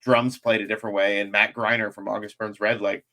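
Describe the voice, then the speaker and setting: A man hosting a podcast, chatting casually and telling lively stories in which he acts out what people said. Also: on the low side, fairly quick. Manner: animated storyteller, acts out quotes. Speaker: podcast host.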